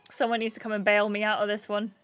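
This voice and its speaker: A woman's voice: mid-range voice, completely flat delivery, fast talker, fairly bright tone, faint music behind. A woman streaming a game, chatting and giggling as she reads the game text aloud. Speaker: gaming streamer. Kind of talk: livestream game playthrough, reading aloud.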